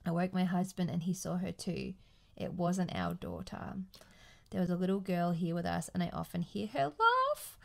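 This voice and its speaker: A woman with a slightly low, gravelly voice hosts a casual podcast. She reads listener ghost stories in an earnest, easily moved way. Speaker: podcast host.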